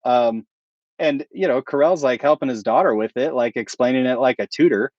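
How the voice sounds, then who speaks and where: A man's voice: mid-range voice, moderate pace, no room sound, muffled recording. A man hosting a casual livestream and chatting with viewers. He rambles and chuckles at his own jokes. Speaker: channel host.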